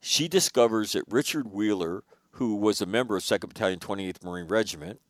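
A man hosting an interview, telling a long story in a casual, animated way and swearing now and then. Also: on the low side, fairly quick, no echo, studio quality. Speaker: podcast host.

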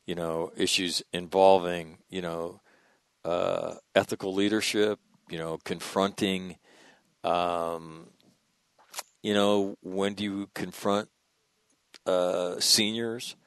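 Halting man, low voice, dry sound. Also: flat delivery, smooth, dry recording. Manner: halting, many fillers, laughs often. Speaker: podcast host. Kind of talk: casual conversation.

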